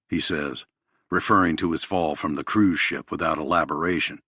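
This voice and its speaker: A man narrating a thriller audiobook in a measured, even storytelling manner. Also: very deep voice, slightly rough, no room sound, clean studio sound.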